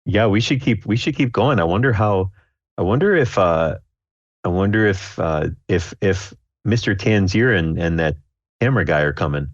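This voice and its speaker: A man playing in a tabletop game, talking casually and haltingly. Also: low voice, expressive, no room sound. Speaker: player. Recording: slightly dull lo-fi audio.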